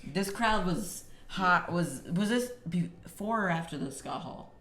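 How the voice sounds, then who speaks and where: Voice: medium pitch, expressive, fairly bright tone, reverberant. A co-host on a casual wrestling review show who often jumps in to correct and add details. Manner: quick to interject and correct, loose casual phrasing. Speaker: podcast co-host.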